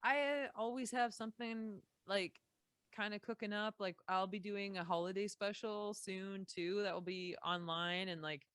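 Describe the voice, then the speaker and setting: A woman's voice: mid-range voice, fairly even intonation, unhurried, a bit bright, smooth, no room sound. A young Canadian woman from Saskatchewan, a musician guest chatting casually on a podcast with lots of fillers and restarts.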